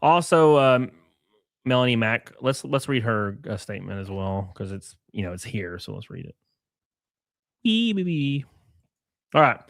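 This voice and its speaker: A man's voice: on the low side, moderate pace, vocal fry, no room sound, studio quality. A man from Alabama with an Alabama Southern accent, hosting a casual livestream, reading chat and rambling with crude joking asides.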